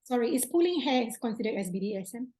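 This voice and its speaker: A woman's voice: fairly high pitch, animated, fast, mellow. A woman hosting an interview, asking eager, curious questions. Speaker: host. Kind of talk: casual interview chat.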